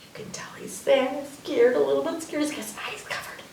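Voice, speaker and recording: A woman hosting a library story time, reading a picture book aloud to children in an animated way and asking them questions. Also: sits high, a little fast, vocal fry. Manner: animated, questioning the young listeners. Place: library room. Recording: echoey room, distant mic, faint noise.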